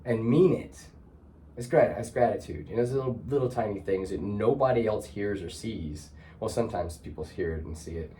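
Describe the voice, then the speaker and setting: Speaking at a normal speed in a warm, fairly low voice, this host guides a heartfelt talk, thinking aloud and often restarting his sentences. A little background noise can be heard.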